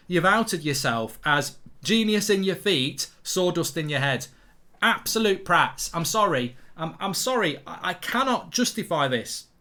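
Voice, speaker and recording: A man's voice: high voice, fairly bright tone. A man from England, a football pundit, ranting in an indignant reaction monologue, repeating himself and stammering over restarts.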